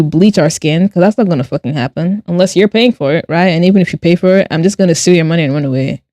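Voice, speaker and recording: Mellow-voiced woman chatting on a stream. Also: medium pitch, no room sound, studio quality. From Nigeria and Ireland. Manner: animated and quick to laugh, with blunt swearing. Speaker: streamer and artist. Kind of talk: casual livestream chat, reading chat aloud while drawing.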